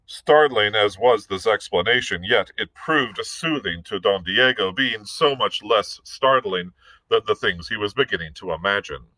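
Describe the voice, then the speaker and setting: Bright-voiced male librarian reading aloud. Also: lowish voice, unhurried, no echo, rough recording. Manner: steady narration with occasional small slips. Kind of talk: read-aloud storytelling.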